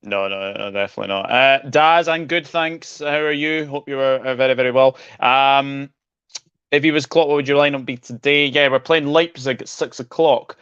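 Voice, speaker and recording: A man's voice: medium pitch, moderate pace, smooth, no room sound. A man hosting a casual football chat and reading out viewer comments. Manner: relaxed, reads out viewer comments. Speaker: host. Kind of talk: casual video call chat. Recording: dull lo-fi audio.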